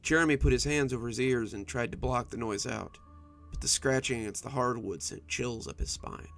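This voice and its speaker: A man telling a spooky bedtime story in an expressive, dramatic scripted narration, with faint music behind. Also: mid-range voice, a little fast, gravelly.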